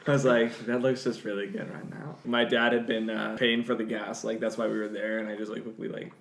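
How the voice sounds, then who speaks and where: A man's voice: fairly low pitch, flat delivery, fairly quick, creaky. Chatty young man in an echoey room. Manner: chatty, laughs through his stories. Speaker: podcast co-host. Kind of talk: casual chat.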